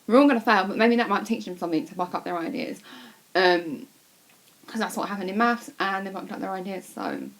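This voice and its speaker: A young woman chatting casually to camera, swearing freely and gushing like an excited fan. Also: mid-range voice. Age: young adult. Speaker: vlogger.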